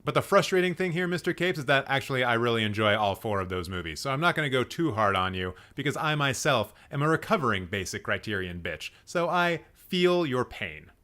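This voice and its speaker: A man's voice: medium pitch, sing-song, fairly quick, hardly any pauses, sharp tone. A man hosting a casual live stream, playfully roasting people and laughing at his own jokes while he rambles and corrects himself. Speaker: host.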